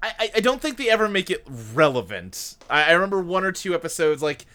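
A man co-hosting a podcast in casual chat, wry and quick to laugh. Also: high-pitched, clean tone. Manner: laughs often, animated and wry. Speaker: podcast co-host.

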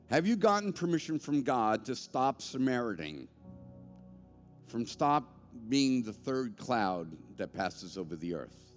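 A man preaching a sermon as a pastor, animated and conversational, with joking asides. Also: mid-range voice, long reverb tail. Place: church sanctuary.

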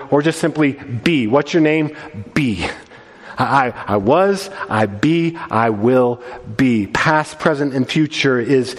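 Earnest man preaching in a reverberant hall. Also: a little high. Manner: earnest, restarts and repeats words. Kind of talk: sermon with slides. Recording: long reverb of a large hall.

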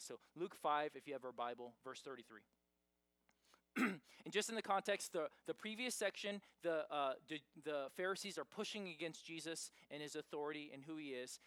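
A pastor preaches a sermon in a fairly high-pitched voice, keeping it conversational while pushing hard on key points and rising to loud stresses. There's no echo on the recording.

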